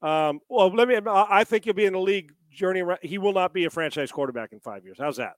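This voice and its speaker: A man's voice: high-pitched, lively intonation, quick pace, dry recording. Chatty man posing rhetorical questions, dry sound. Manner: rambling, fires off rhetorical questions. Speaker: sports show co-host. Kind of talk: casual sports talk.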